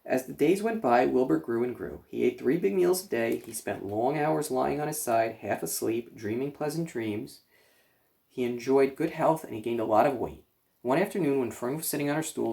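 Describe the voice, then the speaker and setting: Male reader, bedtime chapter book read-aloud; gentle, a bit gravelly. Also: medium pitch. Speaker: children's librarian reader.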